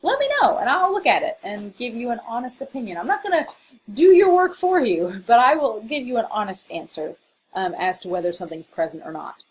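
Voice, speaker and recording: A woman's voice: on the high side, sing-song, a little fast, breathy edge. A woman with a Southern Illinois accent giving a recorded college English lecture, chatty and playful, with frequent laughs and asides.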